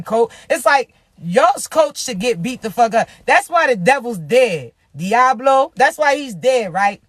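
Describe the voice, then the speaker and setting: Raspy woman, tarot reader; loud, profane, preachy hype to camera, dry close sound. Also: on the high side, no echo. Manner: profane, emphatic, hyped-up preaching. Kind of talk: casual spiritual reading to camera.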